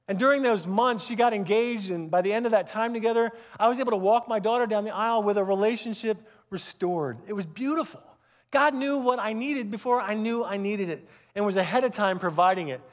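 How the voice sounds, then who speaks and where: A man in his fifties, a pastor giving a conversational, earnest sermon with frequent restarts. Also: sits high.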